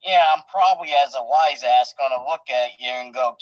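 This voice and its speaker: A man's voice: mid-range voice, moderate pace, no echo, lo-fi sound. A man who wrestles professionally tells stories in a casual interview, bluntly, with lots of fillers and restarts.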